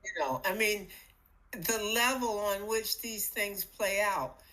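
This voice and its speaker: A middle-aged woman co-hosting a podcast, talking casually about spiritual matters in an animated, playful way that acts out little voices. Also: medium pitch, slow, low-quality recording. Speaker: podcast co-host.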